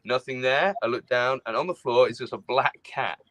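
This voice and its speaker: A man co-hosting a casual podcast chat, telling stories in a lively way and acting out his own reactions. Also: medium pitch, moderate pace, dry recording, low-quality recording. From outside the United States. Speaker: podcast co-host.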